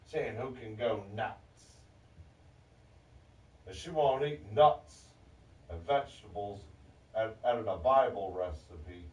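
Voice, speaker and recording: Slow, profane ranting man, far off. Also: on the low side, warm tone, slight background noise. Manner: profane, agitated, disjointed. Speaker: vlogger. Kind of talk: angry rambling rant. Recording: echoey, distant, muffled.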